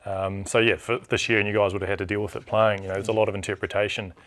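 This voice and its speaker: A man with a New Zealand accent, a rugby referee chatting as a studio guest in a quick, animated way with lots of restarts. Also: on the low side. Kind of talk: casual chat.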